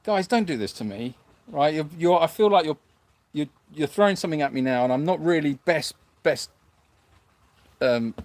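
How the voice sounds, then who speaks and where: A man's voice: on the high side, big pitch swings, moderate pace, a little mellow, dry recording. A man hosting a sanctuary livestream, reading viewer comments aloud in a hesitant, self-mocking way with lots of fillers. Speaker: animal sanctuary host.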